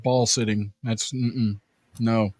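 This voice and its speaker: An older man co-hosting a casual live-stream chat, reading viewer comments aloud in a halting way, full of fillers and restarts. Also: mid-range voice, flat delivery, slight background noise.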